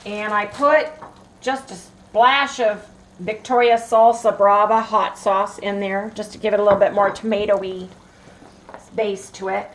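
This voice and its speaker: A woman's voice: medium pitch, fairly even intonation, unhurried, echoey room, poor audio. A woman chatting casually in a rambling way while cooking at home for her vlog. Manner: chatty, rambling, laughs often. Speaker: vlogger. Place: home kitchen.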